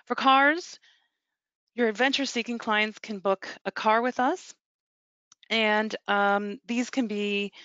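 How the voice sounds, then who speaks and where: A woman's voice: on the high side, fairly even intonation, pushed and bright, clear, resonant tone, no echo. Woman presenting a webinar, lo-fi audio. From North America. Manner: brisk, salesy, with small slips. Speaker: travel company presenter.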